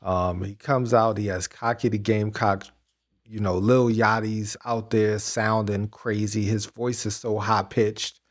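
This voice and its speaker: A man's voice: lowish voice, little pitch movement, measured pace. A man co-hosting a podcast, chatting casually about wrestling with lots of restarts and fillers. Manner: rambling, many restarts and fillers. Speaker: podcast co-host.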